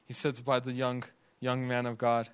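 With a smooth, mid-range voice, a young preacher talks at a moderate pace in a monotone. His sermon is conversational, with frequent laughter and acted-out voices for the people in his stories.

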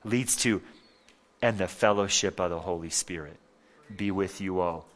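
A male pastor delivering a sermon with a fairly low voice. He preaches emphatically, repeats his points, and throws rhetorical questions at his listeners. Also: a little slow.

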